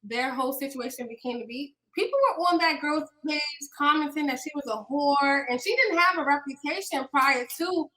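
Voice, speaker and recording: A woman's voice: sits high, moderate pace, hardly any pauses, pushed and bright, poor audio. A woman hosting a podcast in casual chat, talking loosely with many ums and restarts. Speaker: podcast host.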